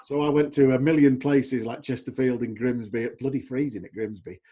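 A man's voice: mid-range voice, steady tone, a little fast, dark tone, husky. A middle-aged man hosting a casual football chat, a chatty storyteller who livens his anecdotes by acting out other people. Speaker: podcast host.

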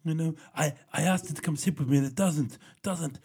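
A man imitating his gruff older father, who talks fondly and haltingly about a cat. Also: on the high side, darkish tone, pitched above the performer's own voice.

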